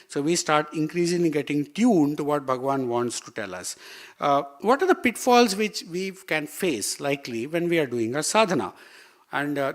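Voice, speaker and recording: A man's voice: a little high, a bit bright. A man with an Indian accent giving a spiritual talk full of anecdotes, acting out the dialogue as he tells his stories. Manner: storytelling, acts out quoted dialogue. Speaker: guest speaker at a devotional meeting.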